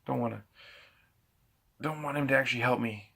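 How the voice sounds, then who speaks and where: A man's voice: mid-range voice, moderate pace, vocal fry, pushed and bright. A man giving a casual bible teaching, thinking aloud and often restarting his sentences. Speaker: preacher.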